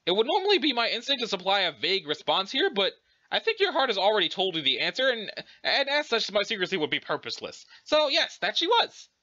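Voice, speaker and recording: A man's voice: sits high, huge pitch swings, fast talker, pushed and bright, heavily acted. A man voicing a polite, formal young alien woman with a prim, fussy manner, in a dramatic reading. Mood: earnest, explaining. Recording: dull lo-fi recording.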